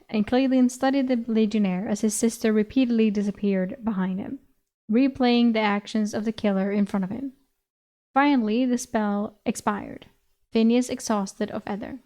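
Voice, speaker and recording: Reading a fantasy novel aloud on stream, a woman with a slightly high, dark-toned voice frequently laughs and interrupts herself with offhand remarks, reacting to the story as she goes.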